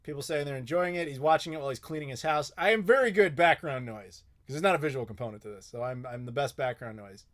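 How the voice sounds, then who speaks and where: A man's voice: medium pitch, lively intonation, quick pace, few pauses, a bit bright. A young man hosting a live Q&A, chatting casually and bluntly, swearing often and joking with viewers. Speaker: host.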